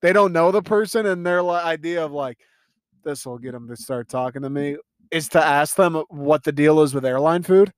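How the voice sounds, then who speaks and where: A man's voice: a little high, moderate pace, no echo. A young man hosting a casual solo podcast, ranting in a profane, incredulous, rambling way and laughing often. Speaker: podcast host.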